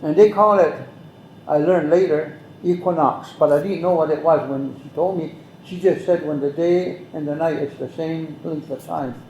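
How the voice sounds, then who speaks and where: Gravelly older man telling a story. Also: fairly high pitch, steady tone, a little mellow, slight background noise. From Mohawk Valley, New York. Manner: measured, repetitive, speaks some phrases in Mohawk. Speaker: guest elder. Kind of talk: slow oral storytelling. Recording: roomy echo.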